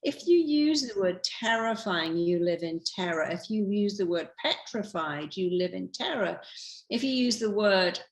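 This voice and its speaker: A woman's voice: mid-range voice, lively intonation, unhurried. An older woman giving emphatic advice as a podcast guest, acting out quoted voices. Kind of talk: animated advice talk. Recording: roomy echo.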